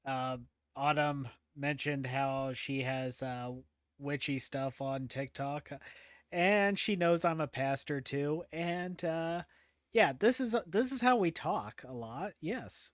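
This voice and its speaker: A man's voice: a little high, slow pace, no echo. Chatty man with a dry, close sound. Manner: chatty, laughs often, many fillers and restarts. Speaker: podcast host. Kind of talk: casual podcast chat.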